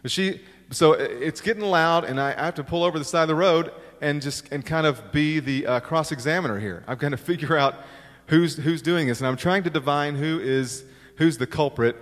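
A man's voice: a little high, a little fast. A middle-aged man preaching a sermon, telling stories with self-deprecating humor and acting out the quotes. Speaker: pastor. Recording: long reverb of a large hall.

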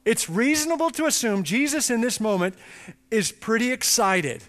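A man preaching a sermon, emphatic and animated, with chatty asides. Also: very high voice, normal speed. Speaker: pastor. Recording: long reverb in a large hall.

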